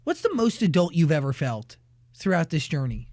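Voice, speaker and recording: A man hosting a casual interview, asking questions with stammered restarts and quick reactions. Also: fairly high pitch, wildly swooping pitch, a little mellow, dry recording, studio quality. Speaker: host.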